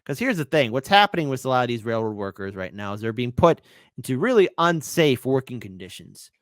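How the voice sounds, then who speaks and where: A man's voice: medium pitch, very animated, fairly quick, no echo. A man hosting a political commentary stream, reading news articles aloud and breaking in with sarcastic remarks. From United States.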